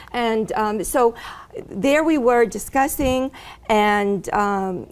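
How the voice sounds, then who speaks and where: A middle-aged woman earnestly telling her faith story, with frequent fillers and pauses. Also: mid-range voice, darkish tone. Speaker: guest sharing her testimony. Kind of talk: personal testimony in conversation.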